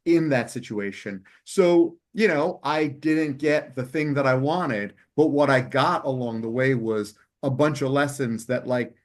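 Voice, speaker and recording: Podcast co-host, agreeable, frequent interjections, lively melodic delivery. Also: mid-range voice. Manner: agreeable, chimes in often. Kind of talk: casual podcast conversation.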